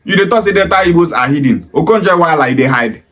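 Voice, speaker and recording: A man's voice: on the high side, lively intonation, fast, a bit bright. A man with a Nigerian accent giving an emphatic, preachy monologue full of rhetorical questions. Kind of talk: impassioned monologue in Pidgin and Igbo.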